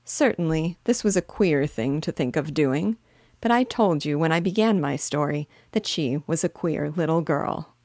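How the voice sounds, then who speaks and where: A woman reading a classic children's story aloud in a measured, expressive way, recorded on a close mic. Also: low-pitched, no echo.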